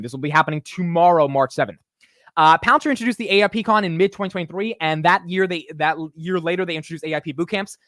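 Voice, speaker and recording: A young man hosting a stock market show, talking fast and excitedly with lots of fillers and restarts. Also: fairly high pitch, no echo, clean studio sound. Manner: excitable, hyped delivery with frequent fillers and restarts. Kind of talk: energetic market commentary.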